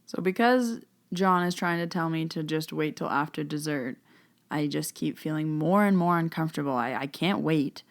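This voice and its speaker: A woman with a fairly low speaking voice tells her own story as a medium. She talks in a loose, chatty podcast manner, full of "so" and "like", and she slips into a hush when she recalls whispered moments. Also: moderate pace. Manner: chatty, many "so" and "like" fillers, hushed when she retells whispered talk.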